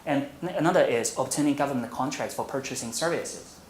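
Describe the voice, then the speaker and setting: A visiting academic, a man with a middle-pitched voice, gives a presentation in a university lecture room at a measured pace, often pausing on "uh" and restarting sentences. The room lends a roomy echo over a faint steady hum.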